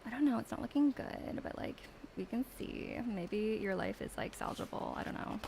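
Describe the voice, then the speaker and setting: A woman's voice: on the high side, lively intonation, moderate pace, gravelly, darkish tone, slight background noise. A woman voicing a bored, snarky young tarot reader in a put-on Valley Girl accent, drawling and dropping "like" in a whispered role-play. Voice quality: drawling, filler 'like', dismissive.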